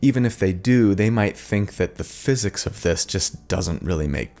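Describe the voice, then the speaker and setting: A man's voice: sits low, expressive, normal speed, a little mellow, soft background music. A man hosting a tabletop game channel, earnestly explaining rules and often checking in with the viewer. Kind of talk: explanatory video talk.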